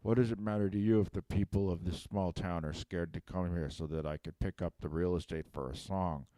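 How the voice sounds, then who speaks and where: A sulky, resentful villain whines that he has been unmasked, as a man acts him out. He rambles, keeps tagging "okay?" onto his complaints, and speaks in a warm, mellow voice in a comedic self-tape monologue. The sound is close and dry. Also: low voice, steady tone, fairly quick, dry recording, close to an everyday voice. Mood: sulky, brooding.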